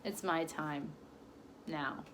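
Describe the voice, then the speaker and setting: A woman voicing a gloomy, lonely ram who speaks in slow, sighing, solemn phrases. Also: sits low, fairly even intonation, a bit bright, slight background noise, voice pushed down, full character voice, poor audio. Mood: weary.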